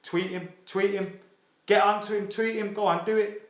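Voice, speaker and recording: Lad hosting a late-night fan stream, fired up and swearing, slightly high voice, echoey room. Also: male voice, normal speed. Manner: excitable, sweary, reads viewer comments aloud. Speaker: football fan channel host. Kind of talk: casual live stream chat. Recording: roomy echo.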